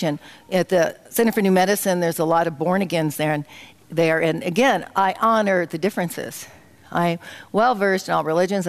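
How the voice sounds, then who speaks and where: A woman's voice: fairly low pitch, creaky. A woman minister giving a sermon in a community center hall, leading the congregation through a guided meditation and spoken affirmations. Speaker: guest minister.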